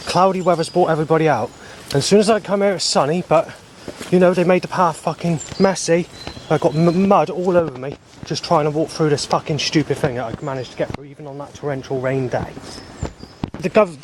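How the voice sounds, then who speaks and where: Guy ranting on a walk, swears a lot, slightly high voice, some faint background noise. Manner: agitated, swearing, rambling. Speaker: video diarist. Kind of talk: rambling spoken video diary. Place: outdoors on a muddy path. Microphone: handheld camera.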